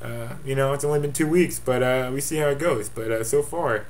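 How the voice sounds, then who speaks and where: Speaking briskly in a medium-pitched voice, a man serving as his fantasy football league's commissioner delivers an offhand webcam update. He rambles and tosses in jokes along the way.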